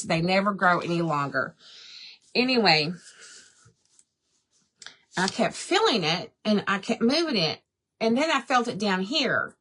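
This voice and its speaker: A middle-aged woman with a medium-pitched, slightly bright voice hosts a live crafting stream from home. While she paints, she chats casually with viewers, calling them y'all and wandering into long, chatty stories.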